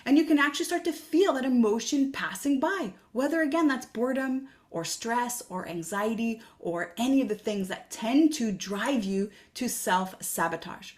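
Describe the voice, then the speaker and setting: A woman with a fairly high voice hosts a solo podcast. She speaks earnestly, like a coach, and keeps asking listeners reflective questions. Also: moderate pace, hardly any pauses.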